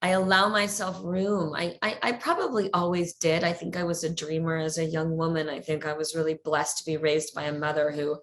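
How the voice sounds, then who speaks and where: Energetic middle-aged woman, low voice. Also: fairly quick, hardly any pauses. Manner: energetic, laughs often, repeats words as she talks. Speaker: guest. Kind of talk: casual interview chat.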